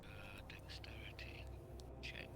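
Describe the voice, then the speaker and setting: A man playing in a tabletop game over a call, quiet with dry quips, sounding distant on his mic. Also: takes it slowly, in a whisper. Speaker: player. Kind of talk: casual tabletop game chat.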